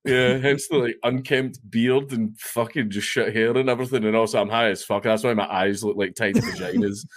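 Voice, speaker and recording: A man's voice: medium pitch, fairly even intonation, fairly quick. A Scottish man telling a story as a guest on a podcast, rambling, swearing freely and laughing often. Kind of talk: casual storytelling chat.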